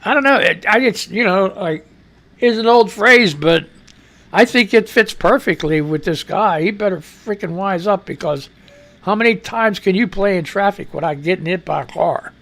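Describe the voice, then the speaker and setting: A man's voice: high voice, gravelly, fairly bright tone. A man hosting a live radio news show, rambling and reading listener comments with profane asides and an American accent. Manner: rambling, profane, exclaiming and laughing.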